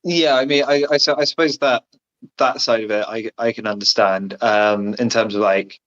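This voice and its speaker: A man's voice: medium pitch, steady tone, normal speed, fairly bright tone. A man guest on a remote call, talking earnestly and rambling, restarting his sentences often. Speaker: guest actor. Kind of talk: casual chat. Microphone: remote call over Wi-Fi. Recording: muffled lo-fi call audio.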